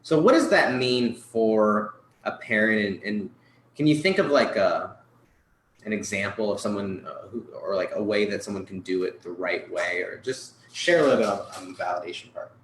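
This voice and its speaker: A man's voice: on the low side, animated, normal speed, a bit bright, a little hiss or hum. Rambling male host in an echoey room. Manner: rambling, self-correcting questions. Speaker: podcast host. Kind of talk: live-streamed interview.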